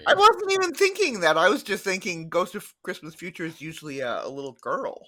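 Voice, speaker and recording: A man co-hosting a podcast, giving short, unhurried answers in a quiz. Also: sits high, big pitch swings, pushed and bright. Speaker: podcast co-host playing a quiz. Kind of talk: casual podcast chat.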